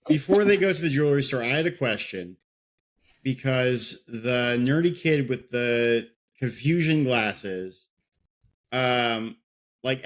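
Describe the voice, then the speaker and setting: A man on a podcast asking a question about a scene, hesitating with fillers as he thinks. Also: mid-range voice. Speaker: podcast co-host. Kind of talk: casual podcast chat.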